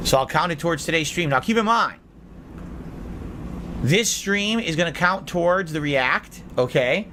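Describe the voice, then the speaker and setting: Sarcastic, lively male streamer. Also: a little high, unhurried, pauses often, background noise. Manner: sarcastic, blunt with viewers. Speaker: streamer and podcast host. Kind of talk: casual live-stream chat.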